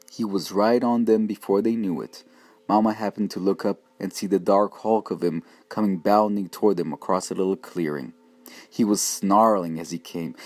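Man narrating an audiobook, steady, measured, low voice, dry close sound. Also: no room sound. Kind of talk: first-person audiobook narration.

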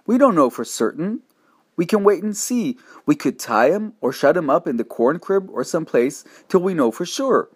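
A man voicing a desperate teenage frontier boy who pleads in a high, strained voice. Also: very animated, moderate pace, few pauses, sharp tone, breathy edge, exaggerated voice. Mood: desperate pleading.

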